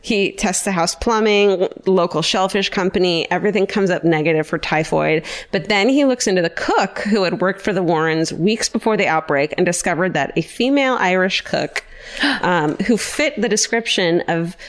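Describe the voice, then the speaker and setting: A woman's voice: fairly low pitch, moderate pace. A woman co-hosting a podcast, casually retelling a case in a chatty, profane way. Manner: profane, chatty, laughs often. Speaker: podcast co-host.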